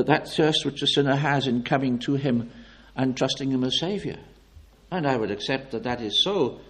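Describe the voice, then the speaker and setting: A man preaching a sermon with fervent, declamatory delivery, swinging from loud emphatic peaks to low, quiet appeals.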